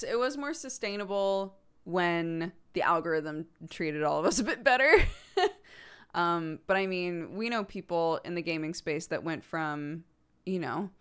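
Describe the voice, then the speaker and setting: A woman's voice: deep voice, fairly bright tone, clean tone. A young adult woman streamer chatting casually, theatrical and self-deprecating, often laughing and acting out quotes. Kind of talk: casual chat.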